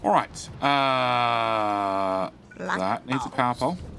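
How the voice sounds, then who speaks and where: A man's voice: medium pitch, big pitch swings, slow pace, creaky, bright, forceful tone, slight background noise. A man streaming a building game live, muttering through his build and chatting with viewers. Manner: reads out and greets chat. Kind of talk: live gameplay commentary.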